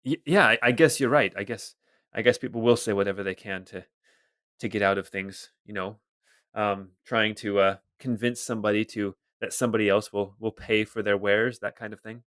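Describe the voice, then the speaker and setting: A man's voice: fairly low pitch, fairly even intonation, normal speed, a bit bright, dry recording, close to an everyday voice. A jittery shopkeeper who stammers and trips over his words, fumbling to close a sale, as a game master puts him on. The voice sits close and dry. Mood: flustered. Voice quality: stammering, hesitant. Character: nervous male shopkeeper, stammering and evasive.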